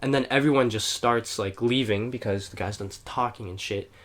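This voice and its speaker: A man's voice: mid-range voice, moderate pace, a bit bright. Young male podcaster, loose rambling storyteller, heavy on fillers and swearing. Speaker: podcast co-host. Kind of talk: casual storytelling. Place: home, playing a video game while recording.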